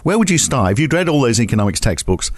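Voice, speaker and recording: A man's voice: medium pitch, sing-song, quick pace, dry recording. A man hosting a podcast, chatting casually and joking, sometimes reciting comic verse from memory. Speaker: podcast host.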